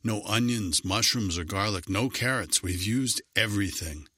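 A man's voice: lowish voice, moderate pace, sharp tone. A man voicing a tired, grumbling village merchant in a storybook reading. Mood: matter-of-fact. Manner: gruff, tired. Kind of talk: storybook character voice.

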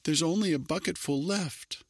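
A man voicing a frantic ten-year-old girl in a storybook reading, shrill and panicky. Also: moderate pace, no echo, studio quality. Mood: panicked. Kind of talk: storybook character voice.

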